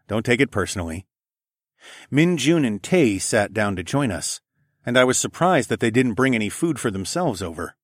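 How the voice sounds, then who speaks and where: A man's voice: medium pitch, big pitch swings, moderate pace, dry recording, clean studio sound. A man narrating a first-person science fiction audiobook.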